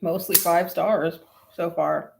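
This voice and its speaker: Casting: female co-host, relaxed conversational delivery, slightly low pitch. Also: slow pace, creaky, noisy background. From Louisiana. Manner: relaxed, laughs easily. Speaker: co-host, author. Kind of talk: casual chat.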